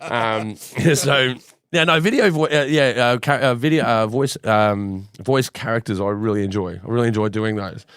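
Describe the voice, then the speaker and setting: An Australian man spins stories in relaxed podcast banter. He is animated, playful and loose with slang and swearing. His voice sits at a middle pitch, and the recording is close and dry. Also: moderate pace, clean tone, dry recording. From Western Sydney, Australia. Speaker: podcast guest. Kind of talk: casual banter, storytelling.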